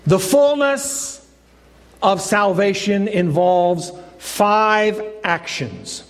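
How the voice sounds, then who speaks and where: Very slowly and with lively intonation, a high-voiced pastor tells a joke within his sermon, voicing its characters as a folksy storyteller would. The recording carries a church hall's long reverb.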